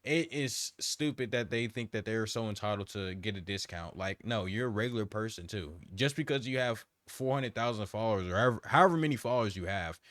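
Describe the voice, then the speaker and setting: A man hosting a casual reaction commentary, talking in a slangy, rambling and mocking way. His voice sits fairly low and sounds close and dry, with no room around it. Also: animated, brisk, few pauses, fairly bright tone, no room sound. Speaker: commentary host.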